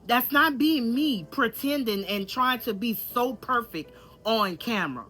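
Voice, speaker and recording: A woman's voice: a little high, animated, measured pace, a bit bright, soft background music. A woman with a country Louisiana accent, talking candidly and casually to her viewers in a vlog. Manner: candid, chatty, repeats herself, addresses viewers directly. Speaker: vlogger. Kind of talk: casual vlog talk to camera.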